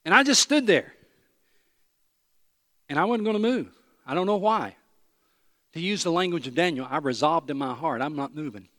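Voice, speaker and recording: A pastor, from East Tennessee, preaching a sermon with animated storytelling, self-deprecating humor and emphatic repetition. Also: male voice, fairly high pitch, normal speed, long pauses, no echo, clean studio sound.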